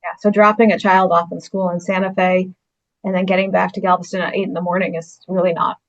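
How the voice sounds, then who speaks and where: A woman's voice: lowish voice, little pitch movement, quick pace. Firm woman judge on a dull line. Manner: firm, businesslike, hesitant fillers. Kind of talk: court hearing.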